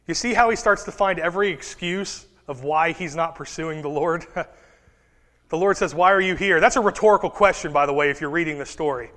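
A man preaching a sermon as a pastor, animated and conversational, dropping into quick voices for Bible figures. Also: on the high side. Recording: reverberant hall.

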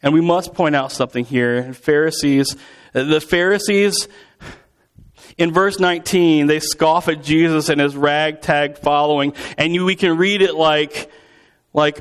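A man's voice: on the high side, fairly even intonation, a little slow, clear, resonant tone. A man preaching in a conversational, storytelling way, acting out quotes with vivid voices. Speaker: pastor. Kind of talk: sermon.

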